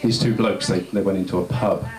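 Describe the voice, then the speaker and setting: A man's voice: low-pitched, steady tone, a little fast. A man doing a stand-up comedy set, rambling and self-deprecating, chatting with the crowd in a live venue. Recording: roomy venue with audience laughter.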